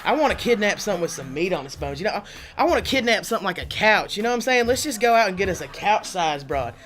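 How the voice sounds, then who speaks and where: A woman doing a stand-up comedy set in a studio, animated and chatty, laughing often through her lines. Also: medium pitch, fast. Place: studio under lights.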